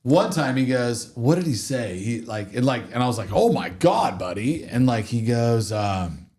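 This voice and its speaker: A man's voice: mid-range voice, normal speed, slightly rough. A man in his thirties, a podcast host and father, chatting casually and acting out his kids' lines as he tells stories. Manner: animated storyteller, acts out his kids' lines. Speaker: podcast host, father of two young boys. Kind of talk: casual chat, storytelling.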